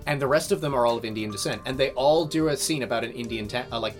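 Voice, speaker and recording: A young man in casual chat with friends, speaking at an ordinary middle pitch. He talks in animated bursts and swears freely. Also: quick pace, faint music behind. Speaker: podcast co-host.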